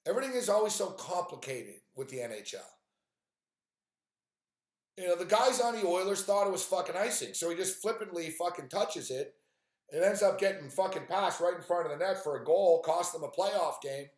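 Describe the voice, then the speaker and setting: A man with a fairly high voice rants through a live stream, cursing at referees and losing bets. His frustration keeps boiling over in profane outbursts. The room around him is echoey and hollow. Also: lively intonation, normal speed. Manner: profane, frustrated ranting about games and bets. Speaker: sports betting streamer.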